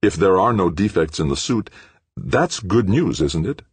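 A man voicing a calm male manager who speaks easily and evenly. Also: deep voice, normal speed, husky, no room sound, pitched above the performer's own voice, exaggerated voice. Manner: easy, even. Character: calm male team manager, even-tempered.

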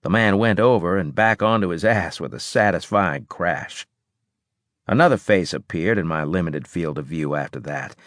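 A man narrating a first-person audiobook chapter in a dry, measured way. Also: sits low, fairly bright tone, no room sound.

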